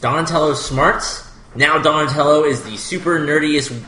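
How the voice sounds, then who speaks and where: Rambling bright-voiced man in his thirties. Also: fairly high pitch, fairly even intonation, normal speed. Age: 30s. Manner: rambling, filler-heavy. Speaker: podcast co-host. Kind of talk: casual chat. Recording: echoey room with faint noise.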